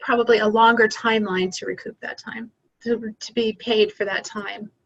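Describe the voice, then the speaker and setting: A woman's voice: on the high side, fairly even intonation, moderate pace, a bit bright, lo-fi sound. A woman who sells handmade crafts, talking about her work time in a hesitant way, thinking aloud with ums. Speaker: craft seller being coached. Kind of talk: casual conversation.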